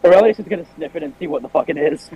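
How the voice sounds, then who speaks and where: A man's voice: fairly high pitch, expressive, rapid-fire, a loud crowd. Laid-back male player, lo-fi. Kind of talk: describing his character in a tabletop game. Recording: dull lo-fi audio.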